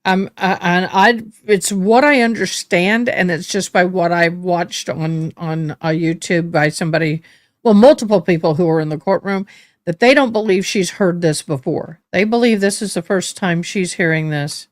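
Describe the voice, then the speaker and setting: Halting woman live-stream host, lowish voice. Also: no room sound, clean studio sound. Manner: halting, repeats words when moved. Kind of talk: casual live commentary.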